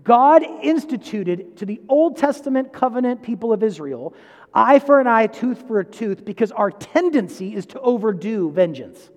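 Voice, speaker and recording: High-voiced pastor in a reverberant hall. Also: male voice, big pitch swings, normal speed, a little mellow. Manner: conversational, storytelling with asides and self-corrections. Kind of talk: sermon.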